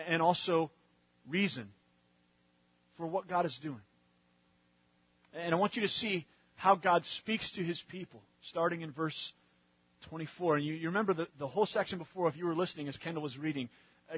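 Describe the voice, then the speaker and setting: A man preaching an expository sermon in a conversational way, checking in with the congregation and building to louder emphasis. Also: fairly high pitch, brisk, long pauses, breathy edge, no room sound, muffled recording. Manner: conversational, often checks in with "all right?" and "right?"; grows louder and more emphatic as he goes. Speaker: pastor.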